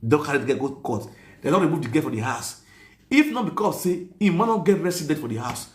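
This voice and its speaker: A man with a Nigerian accent telling a story in a casual, animated rant that mixes Pidgin and English, often asking if you understand. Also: fairly high pitch, fast talker, reverberant. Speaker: online commentator.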